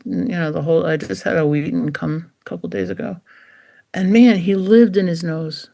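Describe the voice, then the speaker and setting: Give me an animated woman dog expert with a gravelly voice, talking as a podcast guest. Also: lowish voice, moderate pace. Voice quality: animated, acts out quotes, gravelly. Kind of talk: podcast interview conversation.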